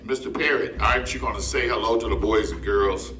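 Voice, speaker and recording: A man's voice: lowish voice, brisk, recorded from a distance. A man performing as a ventriloquist for children, coaxing his puppet in a playful way. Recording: echoey room with loud noise.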